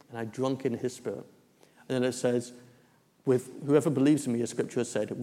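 A man's voice: mid-range voice, warm tone. A man, preaching a testimony story in a church hall with many fillers and restarts. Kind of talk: sermon testimony.

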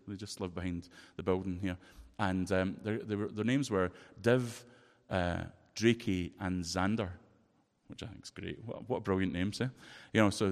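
A man with a Scottish accent preaching a sermon, telling a personal story in a lively, expressive way. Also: deep voice. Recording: long reverb of a large hall.

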